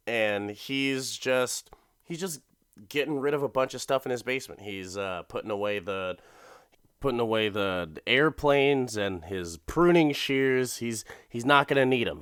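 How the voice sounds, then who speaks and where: A man's voice: fairly low pitch, fairly bright tone, clear, resonant tone, no room sound, clean studio sound. A man hosting a comedy podcast, recapping an episode in a loose, laughing, profane style and putting on voices for the characters. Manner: laughing, swearing, acts out characters in put-on voices. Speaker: podcast host.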